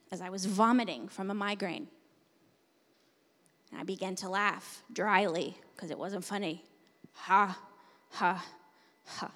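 A woman pastor preaching a sermon, moving between hushed, intimate passages and loud, forceful declarations. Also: medium pitch. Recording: long hall reverb.

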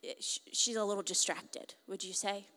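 A woman retelling a moving story as testimony, in an emotive, halting way with frequent restarts. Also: medium pitch, steady tone, pushed and bright. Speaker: speaker. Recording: long hall reverb.

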